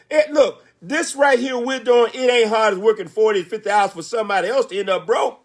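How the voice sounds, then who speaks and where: A man's voice: high voice, brisk, few pauses. A man in his sixties giving a motivational speech, telling his story with emphatic rhetorical questions. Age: 60s. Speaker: motivational speaker.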